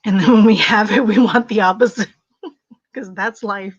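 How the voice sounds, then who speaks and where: A woman's voice: medium pitch, steady tone, moderate pace, slightly rough, no echo, highs cut off. A woman hosting a casual livestream, chatty and laughing often. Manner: chatty, laughs often, talks to her dog. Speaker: livestream host.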